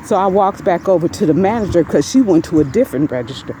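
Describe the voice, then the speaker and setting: Animated woman telling a rambling story. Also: fast talker, slight background noise. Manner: animated, jumps much higher in pitch when quoting herself and others; rambling, many fillers and restarts. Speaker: storyteller recounting an incident. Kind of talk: casual first-person storytime.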